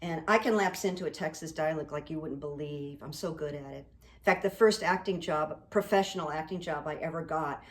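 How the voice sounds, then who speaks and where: A middle-aged woman hosting her own video channel, talking in a rambling, earnest way to camera and reading quotes out slowly. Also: low-pitched. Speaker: psychic coach and YouTube host. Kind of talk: casual to-camera monologue.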